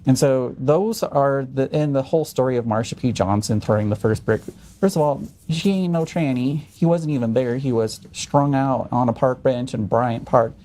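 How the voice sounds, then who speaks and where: A man's voice: medium pitch, moderate pace, warm tone. A man appearing as a guest on a podcast, speaking bluntly and provocatively in casual chat.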